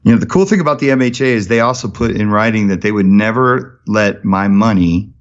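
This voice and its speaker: Lo-fi energetic male podcast guest. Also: lowish voice, a little fast. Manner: energetic storyteller, many restarts. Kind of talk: casual interview talk.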